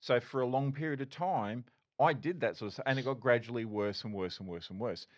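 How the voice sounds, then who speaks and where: A man's voice: medium pitch, fairly quick. A middle-aged man, a former police officer, telling his story candidly as a podcast guest, swearing and restarting often.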